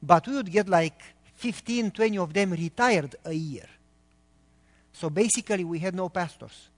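Male preacher, Romanian accent, earnest sermon delivery, slightly high voice, reverberant church hall. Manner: earnest, talks quickly when excited, pauses between phrases. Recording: long reverb of a large hall.

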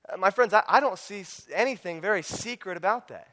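A man's voice: sits high, brisk, sharp tone. A man preaching a sermon through a Bible study guide, emphatic, repeating words and calling out to his congregation. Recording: long reverb of a large hall.

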